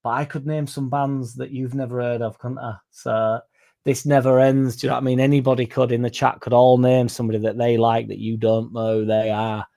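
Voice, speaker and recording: A man's voice: mid-range voice, little pitch movement, brisk, vocal fry, dark tone. A young man with a Yorkshire accent hosting a casual livestream podcast, rambling and swearing freely as he reads out chat messages. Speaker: podcast host.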